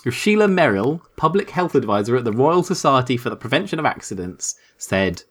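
Man, comedic podcast co-host, reading quotes aloud, animated intonation. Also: mid-range voice, fairly quick, few pauses. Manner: reads quotes aloud, laughs often, lively delivery. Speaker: co-host reading a news story.

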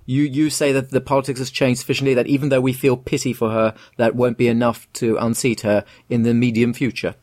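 A man's voice: mid-range voice, little pitch movement, brisk, few pauses, a little mellow, no echo, studio quality. A man in casual podcast chat, explaining at length and often restarting his words. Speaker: podcast co-host.

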